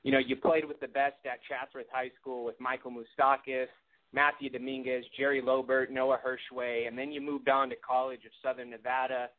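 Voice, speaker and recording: A man's voice: mid-range voice, level tone, fairly quick. A man calling in to a radio show, rambling playfully through a long question. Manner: rambling, playful, lists names at length. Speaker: caller. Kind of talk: call-in question. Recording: tinny phone line.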